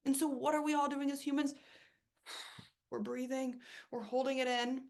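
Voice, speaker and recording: Her voice sits high and moves briskly as this woman coach gives an energetic motivational speech, dropping casual swears and performing side remarks.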